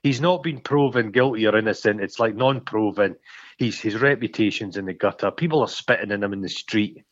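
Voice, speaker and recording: A man co-hosting a film podcast, retelling scenes in a rambling, sweary, animated way. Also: lowish voice, a little fast, lo-fi sound. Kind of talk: casual chat.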